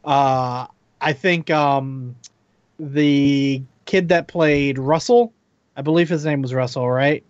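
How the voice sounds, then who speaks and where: Measured man on a dull lo-fi mic. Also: medium pitch, steady tone, dry recording. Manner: measured, many ums and likes. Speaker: podcast co-host. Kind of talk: casual chat. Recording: dull lo-fi recording.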